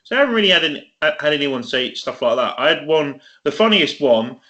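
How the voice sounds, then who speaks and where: Guy on a podcast, swears a lot, gets hyped, slightly higher voice. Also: brisk, lo-fi sound. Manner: sweary, excitable, laughs often. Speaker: podcast co-host. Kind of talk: casual chat.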